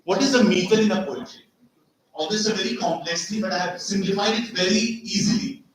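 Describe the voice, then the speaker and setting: A man's voice: sits high, brisk. A man giving a seminar lecture with slides, explaining step by step, repeating key words and asking rhetorical questions. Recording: very echoey hall, far from mic.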